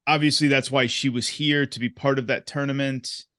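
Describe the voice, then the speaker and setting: A man's voice: medium pitch, fairly even intonation, moderate pace, sharp tone, dry recording, clean studio sound. A man talking over his character's feelings as a tabletop game player, hesitant and full of repeated words.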